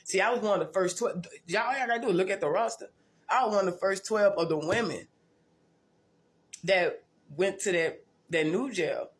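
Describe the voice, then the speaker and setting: A woman's voice: mid-range voice, normal speed. Lady just talking, cussing a lot, keeps restarting her sentences. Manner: blunt, profane, restarts and repeats. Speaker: vlogger telling her life story. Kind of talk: casual storytelling monologue.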